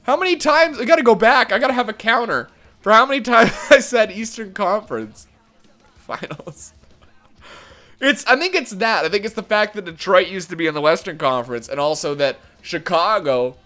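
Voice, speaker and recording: A man hosting a video game let's-play, doing excitable mock play-by-play and shouting at big moments. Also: high voice. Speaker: gaming channel host.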